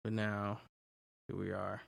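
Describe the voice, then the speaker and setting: A man's voice: on the low side, monotone, slow, vocal fry. A man chatting casually with a friend on a stream, blunt and incredulous, swearing often. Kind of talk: casual livestream chat.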